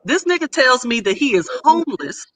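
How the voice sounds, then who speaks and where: A woman on a podcast telling a comic story in casual chat, blunt and lively, acting out the other people's lines. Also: high voice, a little fast. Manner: animated, acts out quoted voices. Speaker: podcast co-host.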